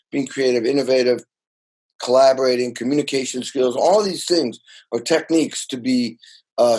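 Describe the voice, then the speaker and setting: An older man talks with eager, tumbling energy, circling back and repeating words as he tells his stories. His voice sits at an ordinary middle pitch for a man, and he sounds excited about his life in music. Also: low-quality recording. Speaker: guest drummer. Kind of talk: animated storytelling in casual interview.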